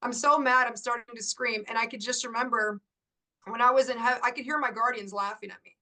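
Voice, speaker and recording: A middle-aged woman coach, a guest in an interview, telling a story in lively bursts and laughing often. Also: fairly high pitch, fast talker.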